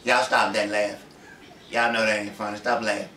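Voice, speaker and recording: A man's voice: lowish voice, level tone, normal speed, sharp tone, slight background noise. A man co-hosting a casual ministry chat, joking and playful. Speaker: ministry host. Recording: echoey room, mic at a distance.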